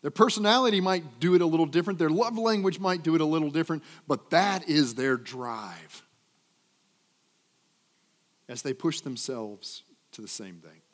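A man preaching a sermon with dynamic delivery, swinging from loud emphatic peaks to low trailing phrase ends. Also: expressive, normal speed. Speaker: pastor. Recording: long hall reverb.

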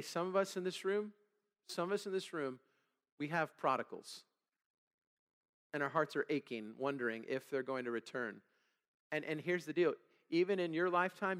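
A man's voice: medium pitch, fairly bright tone. Guy pastor preaching, chatty, keeps checking "all right?", reads scripture and gets folks to fill in words, long echo in the church. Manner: conversational preaching with frequent "okay?" and "all right?" check-ins. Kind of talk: sermon. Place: church sanctuary. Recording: long hall reverb.

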